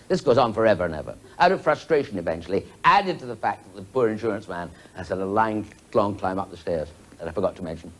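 A man's voice: on the low side, lively intonation, fast. A man telling a rambling joke at a TV birthday show, interrupting himself with asides. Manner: rambling, self-interrupting storyteller.

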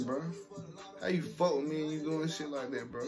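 Young male vlogger, raised pitch, animated and profane storytelling over faint background music. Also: normal speed. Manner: animated, profane, acts out quotes. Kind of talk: casual storytelling.

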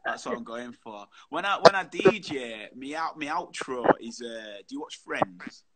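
A man's voice: mid-range voice, animated, measured pace, heavy background noise. A man hosting a casual chat show over a video call, chatty and full of matey banter.

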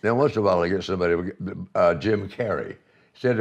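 An older man with a deep, expressive voice speaks at a moderate pace, the recording's highs cut off. He's the honoree in a casual conversation, reminiscing and telling playful stories while laughing often.

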